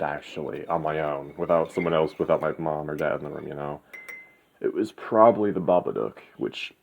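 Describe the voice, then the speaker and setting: A man's voice: very deep voice, a little fast, creaky. A man talking in a rambling, profane, ranting monologue as host of his own channel. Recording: slightly dull lo-fi, faint background noise.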